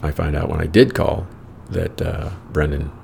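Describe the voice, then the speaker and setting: American male storyteller, very low and heavily gravelly voice, rambling and profane, wry casual delivery. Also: fairly even intonation, moderate pace, darkish tone, a little hiss or hum. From United States. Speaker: storyteller host.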